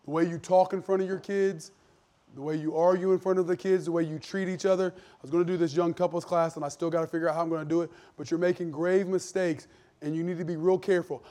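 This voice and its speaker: A man's voice: on the high side, little pitch movement, fast, dark tone. A man, preaching a sermon as pastor in an earnest, emphatic, conversational way with frequent restarts. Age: 40s.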